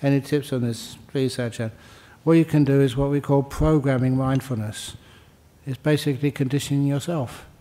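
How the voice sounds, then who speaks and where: Older male monk, dharma talk, mellow dark tone, relaxed and joking, repeats lines for emphasis. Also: mid-range voice, normal speed. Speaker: Buddhist monk teacher. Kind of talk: dharma talk answering questions.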